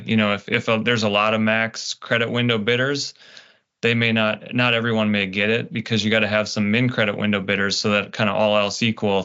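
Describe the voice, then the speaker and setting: A man's voice: on the low side, pushed and bright. A man presenting in a meeting, explaining answers step by step with frequent ums over a video call. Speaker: presenter answering pilot questions. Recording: dull lo-fi video call audio.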